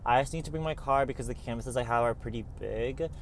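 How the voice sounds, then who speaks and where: A man's voice: mid-range voice, quick pace, a little hiss or hum. A young man talking casually through a vlog as an art student, chatty and playful, calling the viewer babe. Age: young adult.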